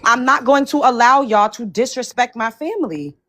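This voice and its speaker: A woman's voice: fairly high pitch, moderate pace, fairly bright tone. A woman on a livestream panel, talking in a combative, profane, emphatic way. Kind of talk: heated livestream panel talk.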